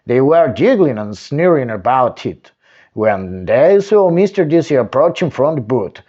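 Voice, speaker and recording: A man reading a children's bedtime story aloud, slow and expressive with dramatic pauses, into a desktop microphone. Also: mid-range voice, lo-fi sound. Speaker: storytime reader.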